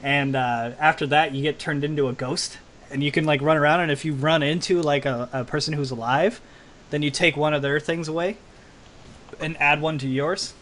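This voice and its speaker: Young man, podcast co-host, casual chat, laughing storyteller, higher pitch. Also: steady tone, normal speed, a bit bright, a little hiss or hum. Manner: laughing, storytelling, loose and joking.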